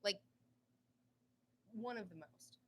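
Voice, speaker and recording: A woman joining a casual cigar livestream, chatty with quick asides. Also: mid-range voice, crowd noise. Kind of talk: casual chat.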